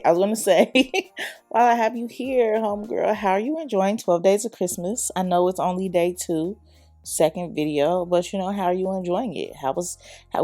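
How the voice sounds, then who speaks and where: A woman's voice: fairly low pitch, no room sound. A young woman, chatting through a hair tutorial voice-over, laughing often and talking straight to the viewer. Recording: soft background music.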